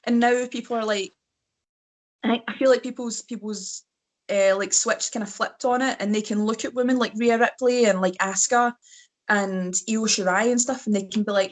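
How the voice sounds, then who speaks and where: A young Scottish woman, a wrestler, chatting casually as a podcast guest with lively storytelling. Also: on the high side, normal speed. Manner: lively storytelling, mimics other people's voices. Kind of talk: casual chat.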